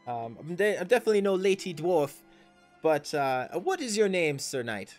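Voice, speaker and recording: A man voicing a friendly female halfling shopkeeper with a high, giggly voice in a tabletop game. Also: very animated, normal speed, darkish tone, soft background music. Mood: cheerful.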